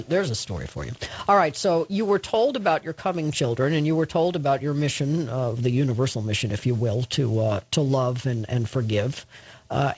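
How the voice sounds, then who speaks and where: A man hosting a radio talk show who interviews a guest in a measured way, pausing on fillers. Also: mid-range voice, no room sound. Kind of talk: late-night radio interview. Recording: dry, muffled studio sound.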